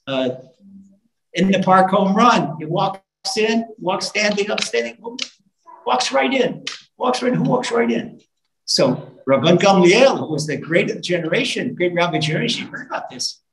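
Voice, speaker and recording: A male rabbi delivers a live sermon to an audience, retelling stories with lively, animated fervor. His voice carries through a roomy, echoing hall. He breaks into snatches of song and builds his points to impassioned emphasis. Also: sits high, moderate pace, vocal fry. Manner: animated storytelling with sung lines and rising fervor. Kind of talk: storytelling sermon. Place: live talk in a room.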